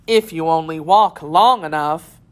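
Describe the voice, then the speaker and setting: Woman doing a sly, riddling male cat; slow and knowing, storybook voice. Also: sits low. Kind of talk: storybook read-aloud.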